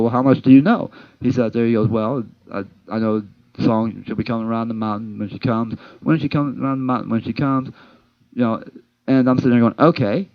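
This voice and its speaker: A man's voice: mid-range voice, clear, resonant tone, no room sound. A man telling rambling comic stories from his job, acting out the dialogue with lots of fillers and restarts. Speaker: amateur comedian telling work stories. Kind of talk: casual storytelling monologue. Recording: dull lo-fi homemade recording, dry.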